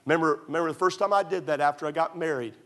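A man's voice: a little high, rapid-fire. A middle-aged man pastor preaching a sermon, telling stories with emphatic repetition.

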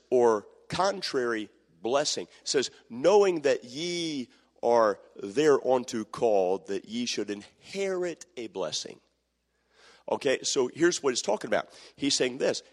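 Preacher man in a reverberant hall. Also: mid-range voice. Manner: calls for answers from the congregation, acts out quoted voices. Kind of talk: sermon.

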